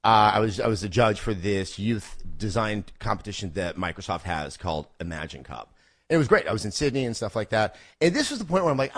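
A man in his forties talking as a podcast guest in casual chat, an animated storyteller who stammers and repeats words. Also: on the low side, brisk, slightly rough.

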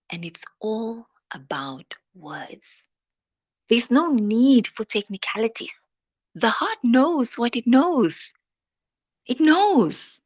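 A woman hosting a devotional podcast, speaking in a slow, reflective way and trailing off into soft, whispery phrase endings. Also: fairly high pitch, sing-song. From South Africa.

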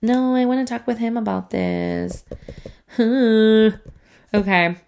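A woman's voice: a little high, huge pitch swings, takes it slowly, creaky, a little mellow. A woman around thirty hosting a casual solo podcast, talking in a rambling, profane, chatty way with a congested, stuffed-up voice. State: congested, breathing through mouth. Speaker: podcast host.

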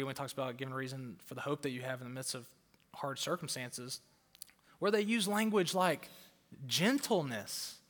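A man's voice: a little high, bright, forceful tone. A male pastor preaching a fired-up sermon to a crowd in a church auditorium, often repeating words for emphasis. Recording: long hall reverb.

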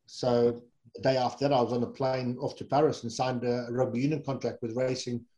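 A middle-aged man from England with a warm, mellow voice spins loose, rambling stories as an interview guest. He wanders through fillers and self-corrections in an easygoing, conversational way. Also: mid-range voice, little pitch movement, a little fast, low-quality recording. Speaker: guest, former rugby player. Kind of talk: casual anecdotal storytelling.

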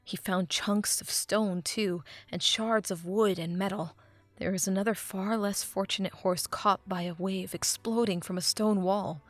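A woman reading a fan fiction audiobook, with expressive narration that drops to a hush at dramatic moments. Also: on the low side.

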